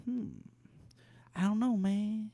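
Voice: mid-range voice, steady tone, slow, dark tone, no echo. A performer playing Santa's laid-back male cousin Leroy, drawling slang and calling everyone man in a comedic improvised bit. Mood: laid-back boasting.

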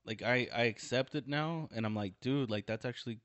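A man's voice: mid-range voice, brisk, a bit bright, no echo, dull audio. Laid-back man chatting, dry mic. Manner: laid-back, agreeable, laughs along. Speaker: stand-up comedian, podcast co-host. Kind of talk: casual chat.

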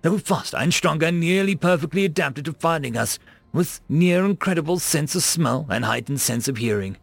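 A man reading science-fiction stories aloud as a narrator, with an expressive delivery. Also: a little high, brisk, gravelly, no room sound. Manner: expressive reading that rises and falls. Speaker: story narrator.

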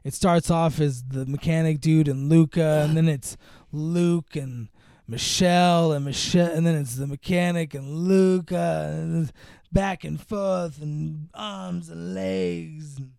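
A man's voice: steady tone, unhurried, gravelly, warm tone, clean tone, no room sound, studio quality. A young man casually recapping a movie plot, rambling with lots of fillers and acting out the characters' lines. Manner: rambling, filler-heavy storytelling, acts out lines in higher voices. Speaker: podcast co-host. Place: home room.

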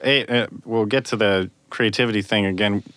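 A man who works as a sound designer, hosting a casual podcast chat and explaining things in a measured way. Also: lowish voice, steady tone, a bit bright, clear, resonant tone, no echo.

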